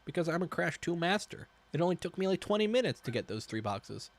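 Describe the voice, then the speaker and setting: A man's voice: on the high side, very animated, fast talker. Joking man streaming a game. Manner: rambling, joking, swears freely. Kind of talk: casual gameplay commentary. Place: hot room at home.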